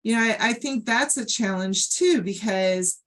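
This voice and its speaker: A podcast co-host chats casually, thinking aloud and using fillers. Her mid-range voice has a fairly bright tone and an unhurried pace.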